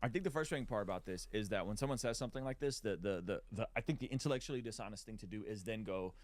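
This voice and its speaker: A man on a podcast, talking in a measured, thoughtful way. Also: on the low side, dry recording. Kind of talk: podcast discussion.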